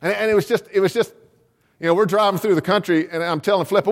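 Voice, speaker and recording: A man's voice: sits high, a little fast, long reverb tail. A man who is a pastor, preaching a storytelling sermon and repeating words as he restarts his sentences.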